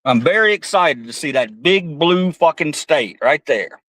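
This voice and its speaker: A man's voice: fairly high pitch, lively intonation, unhurried, a bit bright, no room sound, rough recording. A man hosting a political livestream, ranting heatedly with lots of swearing and reading chat comments aloud. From United States. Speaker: livestream host. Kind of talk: angry political livestream rant.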